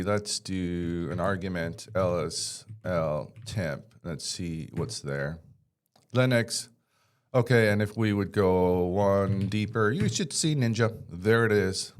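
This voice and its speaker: Male tech instructor, lower register, loose and jokey, drifts into asides mid-tutorial. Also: takes it slowly. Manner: chatty, joking, rambling asides. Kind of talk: casual screen-share tutorial.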